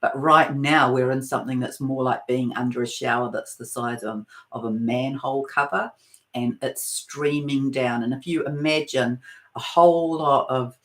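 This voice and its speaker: A woman from New Zealand with a New Zealand accent, giving a spiritual talk on a livestream in a soft, meandering way, with many pauses. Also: very deep voice. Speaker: spiritual channeler. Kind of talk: live-streamed spiritual talk.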